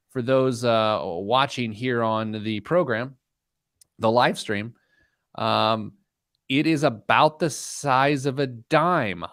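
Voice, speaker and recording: A male radio host chatting casually and telling stories with a joking, animated manner. His pitch swings widely from phrase to phrase. The studio sound is close and dry, with no room echo. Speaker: show host. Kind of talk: casual radio show chat.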